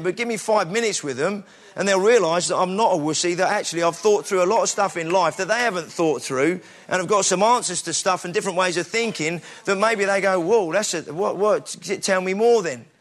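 A man's voice: sits high, fast, few pauses, a bit bright. A middle-aged British man giving an informal, conversational sermon, with frequent restarts and self-deprecating asides. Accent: British English. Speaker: preacher.

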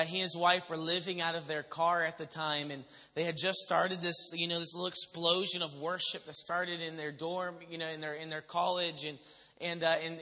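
Bright high-voiced man preaching in a hall. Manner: animated storyteller who acts out quotes. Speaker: pastor. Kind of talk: sermon testimony to a congregation. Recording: long reverb of a large hall.

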